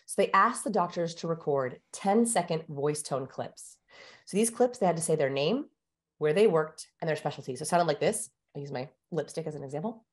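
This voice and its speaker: Woman guest with a fairly low voice, explains things energetically like a teacher. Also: animated, fairly quick. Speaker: guest communication researcher. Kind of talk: explanatory interview talk.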